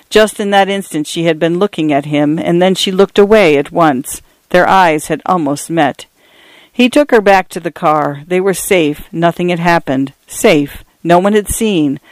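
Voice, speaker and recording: High-voiced man narrating a tense story. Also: dry recording. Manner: measured, tense, dramatic reading. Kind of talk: audiobook narration of literary fiction.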